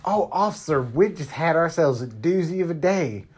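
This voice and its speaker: A man voicing a folksy, slow-witted backwoods hillbilly man who talks in a country drawl with rustic grammar. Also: on the high side, animated, darkish tone, husky.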